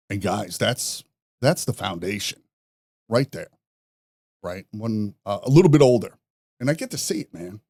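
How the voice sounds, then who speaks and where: A man, a podcast guest telling rough stories in a profane, animated way, laughing at his own jokes. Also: on the low side, moderate pace, pauses often, dry recording, studio quality. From New York. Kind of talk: casual storytelling.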